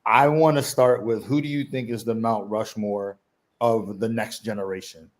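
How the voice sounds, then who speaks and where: A man co-hosting a podcast, asking interview questions in a halting way, full of fillers. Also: lowish voice, fairly even intonation. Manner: halting, fills his speech with "like". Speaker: podcast co-host.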